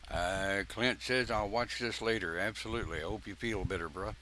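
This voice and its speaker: An older man, a pagan minister, giving a folksy, informal live-stream sermon with joking asides and long pauses; his voice sounds croaky. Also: on the low side, pushed and bright, a little hiss or hum.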